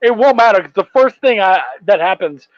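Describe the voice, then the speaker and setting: High-voiced man swearing freely on a call. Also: lively intonation, fairly quick, no room sound, lo-fi sound. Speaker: podcast host. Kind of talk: casual video-call chat.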